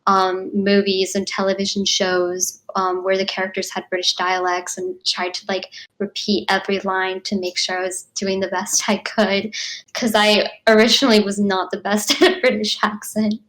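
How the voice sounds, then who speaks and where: Brief: young woman, actress guest, mid-pitched, bubbly and chatty, filler-heavy. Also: level tone, normal speed, fairly bright tone, rough recording. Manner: bubbly, frequent 'like' and 'um', laughs often. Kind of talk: casual interview.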